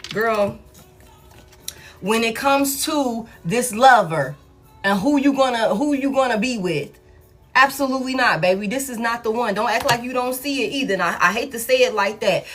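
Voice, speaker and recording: Blunt, emphatic high-voiced woman tarot reader. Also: fairly bright tone. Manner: blunt, profane, emphatic, repeats herself. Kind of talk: live tarot reading. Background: faint background music.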